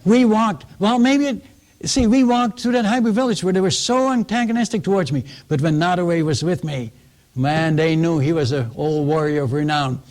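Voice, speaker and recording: Lively storytelling preacher man. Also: on the high side, normal speed. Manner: animated storyteller, acts out quoted voices, chuckles at his own tales. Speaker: missionary preacher. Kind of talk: storytelling sermon.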